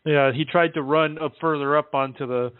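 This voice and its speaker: Halting man on a tinny phone line. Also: fairly high pitch, steady tone, clean tone, no room sound. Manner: halting, full of "uh" fillers. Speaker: guest relaying contact reports. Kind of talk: casual call-in talk.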